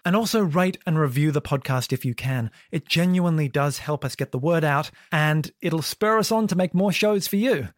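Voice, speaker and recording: A man, hosting a comedy podcast and reading its outro in a brisk, theatrical way. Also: a little high, dry recording, studio quality. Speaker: podcast host. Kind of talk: scripted comedy sketch and outro.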